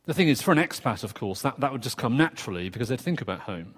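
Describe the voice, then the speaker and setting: A man preaching a sermon in a conversational, earnest way, with quick asides and restarts. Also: medium pitch, expressive, husky. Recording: long reverb of a church hall.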